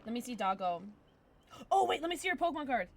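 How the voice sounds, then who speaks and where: A woman's voice: on the high side, very animated, fast talker, background noise. A young adult woman streaming from home, chatting casually and gushing at her chat with sudden squeals.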